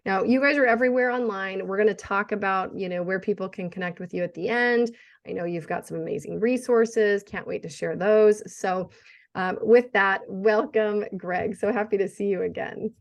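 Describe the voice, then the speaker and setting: A woman's voice: medium pitch, moderate pace, vocal fry. A middle-aged woman hosting a podcast interview, upbeat and enthusiastic, affirming her guest. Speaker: podcast host.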